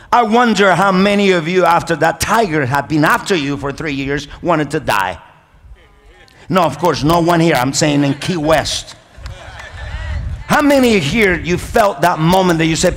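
A man's voice: sits high, expressive, moderate pace. A man preaching a sermon as pastor, emphatic, repeating key lines and calling for amens. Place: large church hall. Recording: long reverb of a church hall.

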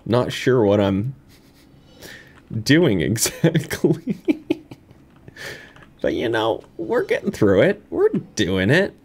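A man doing let's-play commentary, talking to himself in a rambling, self-mocking way. His pitch swings wildly from low mutters to high squeals. Keyboard typing can be heard faintly behind him. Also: slow, long pauses, husky. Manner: rambling and self-mocking, with frequent laughs and high excited outbursts. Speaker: gaming YouTuber. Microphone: desk microphone.

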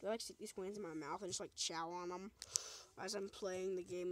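A woman's voice: lowish voice, steady tone, fairly quick. A young woman casually commenting as she plays a video game, joking with the enemies and shrieking when things go wrong. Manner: goofy, talks to the game, shrieks when in danger. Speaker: gamer. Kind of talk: casual let's play commentary.

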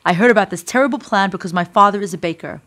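A grown man delivers an urgent warning in a hushed voice, as a woman reading a storybook puts him on. He speaks with pressing concern, close to her own register. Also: medium pitch, very fast, close to an everyday voice. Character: grateful grown man, urgent secret warner.

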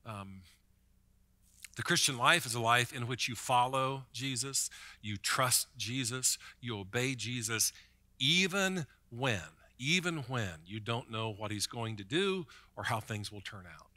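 Bright-toned pastor preaching conversationally. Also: male voice, medium pitch, lively intonation, measured pace. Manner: conversational preaching, repeats words when starting a thought. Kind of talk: sermon.

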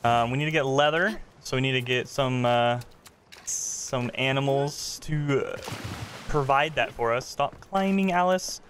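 A man giving casual let's-play commentary while gaming, chatty and excitable, reacting out loud to the game. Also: medium pitch, unhurried, a little hiss or hum. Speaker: gaming streamer.

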